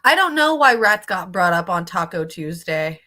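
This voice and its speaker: A woman's voice: fairly low pitch, sing-song, normal speed, bright, forceful tone. A woman streamer reacting casually to videos, chatty and sympathetic, swearing freely.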